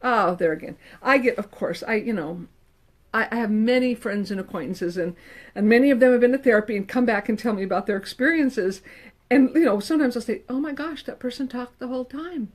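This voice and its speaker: Middle-aged lady counselor chatting to camera, lively and emphatic, slightly high voice. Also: a little fast. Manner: animated, emphatic, with playful quoted asides. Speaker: licensed professional counselor. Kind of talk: casual advice talk to camera.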